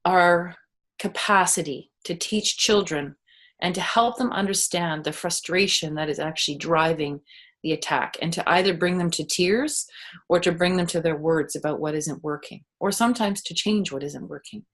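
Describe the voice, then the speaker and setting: A middle-aged woman, a parenting expert, explaining children's emotions in a relaxed interview, with gentle examples and soft laughs. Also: lowish voice, moderate pace. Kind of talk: conversational interview.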